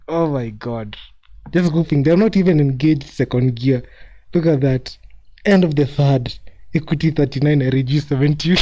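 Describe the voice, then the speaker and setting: A man's voice: medium pitch, moderate pace, warm tone. A man streaming live commentary on a basketball game, mocking the losing team, laughing often and repeating himself.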